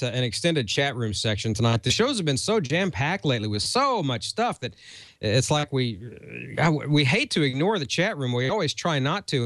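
A man in his fifties hosting a ham radio chat show, swapping stories in a folksy, chuckling manner. He has a mid-pitched voice, and it is recorded dry and close with little room sound. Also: fairly bright tone, no echo. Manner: folksy storytelling, chuckles often. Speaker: co-host.

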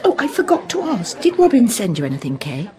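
A chatty, fond middle-aged mother, lively, higher voice, radio play. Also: brisk. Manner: chatty, breezy, fussing.

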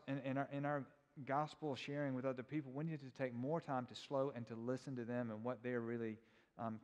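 A middle-aged man teaching a church class in a conversational way, telling personal stories and quizzing his listeners. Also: medium pitch. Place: church hall. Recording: long hall reverb.

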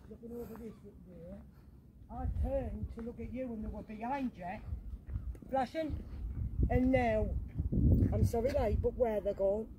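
A woman ghost hunting outdoors in a cemetery at night, talking into a handheld camera in an excitable, frightened way and swearing often. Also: on the high side, noisy background. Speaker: paranormal vlogger. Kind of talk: live ghost-hunting commentary.

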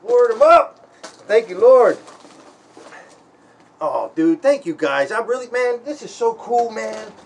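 Excited man with a high voice. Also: slow, creaky, long pauses, a little hiss or hum. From Baltimore, Maryland. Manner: excited, grateful, repeats "man" and "guys"; breaks into a heartfelt spoken prayer. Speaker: vlogger opening a gift package. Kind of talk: casual unboxing vlog.

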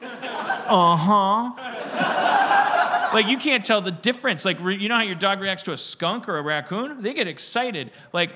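A man with a high voice that swings widely in pitch laughs and swears through an animated riff. Clear noise sits under his voice. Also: normal speed. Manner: laughing, animated, profane riffing. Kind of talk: casual chat.

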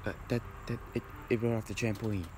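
A man's voice: fairly low pitch, level tone, quick pace, warm tone, breathy edge. A young man performing a casual improvised comedy skit, voicing several friends who bicker in whiny, slangy banter full of fillers.

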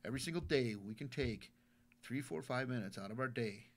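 A man speaking as a veteran guest in a relaxed interview, earnest and open. His voice sits at an ordinary middle pitch. He tends to repeat words as he gathers his thoughts, keeping the talk loose and unpolished. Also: fairly quick. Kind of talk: casual interview storytelling.

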